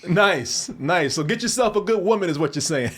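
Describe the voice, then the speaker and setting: A man with a slightly high voice hosts a casual interview. He is chatty and laughs easily. He strings his questions together in long, rambling runs. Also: expressive, moderate pace, a little hiss or hum. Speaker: interview host.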